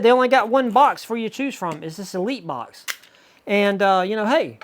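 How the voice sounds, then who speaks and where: A man with a Southern US accent hosting a casual unboxing vlog, chatty and excitable, rambling with lots of asides. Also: sits high. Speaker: YouTuber reviewing subscription boxes.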